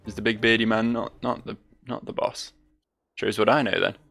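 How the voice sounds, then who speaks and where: A man's voice: lowish voice, flat delivery, normal speed, creaky, a bit bright, soft background music. A man giving gameplay commentary, cracking dry sardonic jokes at the game. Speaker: let's play host.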